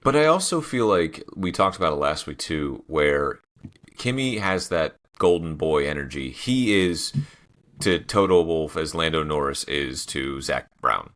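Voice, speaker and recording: A jokey man co-hosting a podcast who spins playful little stories. His voice is very deep but bright and forceful. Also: animated, a little slow. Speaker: podcast co-host. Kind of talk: casual chat.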